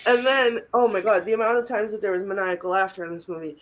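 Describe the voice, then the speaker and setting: A woman's voice: medium pitch, brisk. A young woman co-hosting a podcast, casually recapping a film and often dissolving into giggles. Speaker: podcast co-host. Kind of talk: casual movie-recap chat.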